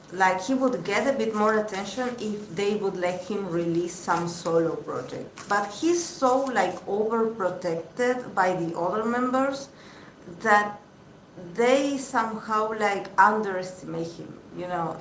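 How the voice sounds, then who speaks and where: A woman giving a casual live tarot reading, chatty and halting with many fillers. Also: mid-range voice. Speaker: tarot reader. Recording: echoey room with faint background noise.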